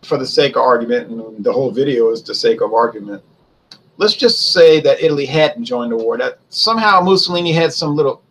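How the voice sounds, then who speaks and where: A man's voice: medium pitch, a little fast, a bit bright, husky, rough recording. A man giving a casual spoken history commentary, chatty and conversational, asking rhetorical questions and answering them himself. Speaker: history video host.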